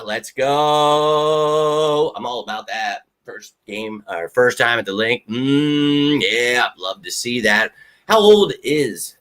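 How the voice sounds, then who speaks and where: A man with a lower-pitched voice hosts a live fan Q&A, chatting to viewers in a loose, rambling way. He is excitable and quick to swear when he gets worked up. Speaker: fan channel host. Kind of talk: live Q&A chat.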